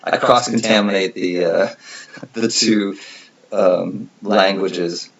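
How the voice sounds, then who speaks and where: Slow, low-voiced man rambling on a stream. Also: steady tone. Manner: rambling, self-correcting, laughs often. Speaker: livestream host. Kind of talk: casual chat with viewers. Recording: dull lo-fi stream audio.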